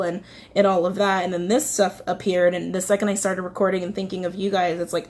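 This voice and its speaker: A woman's voice: lowish voice, little pitch movement, fairly quick, darkish tone. Woman doing a chatty tarot reading, rambly, lots of um and like, gets emotional. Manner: chatty, rambling, emotional, frequent fillers and self-corrections. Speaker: tarot reader. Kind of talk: casual spoken tarot reading.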